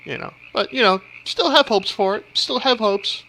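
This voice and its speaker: A man's voice: high voice, moderate pace, creaky, sharp tone, a little hiss or hum, low-quality recording. A man with a Southern US accent giving casual, rambling gameplay commentary, correcting himself as he goes. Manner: rambling, self-correcting, laughs easily. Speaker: let's player.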